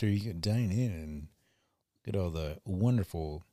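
A man's voice: sits low, unhurried, warm tone, dry recording, studio quality. A man co-hosting a casual podcast, laid-back and laughing often, swearing freely as he tells stories from work. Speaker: podcast co-host. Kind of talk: casual chat.

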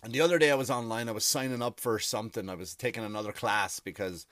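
A man's voice: lowish voice, steady tone, fast talker, a bit bright. A man in his forties delivering a rambling, profane comic monologue as a podcast host.

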